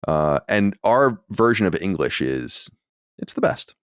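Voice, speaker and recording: A man's voice: low voice, very animated, unhurried, smooth, dry recording, clean studio sound. A man in his late thirties or forties hosting a podcast, chatting in a casual, self-deprecating way. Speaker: podcast host. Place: home studio.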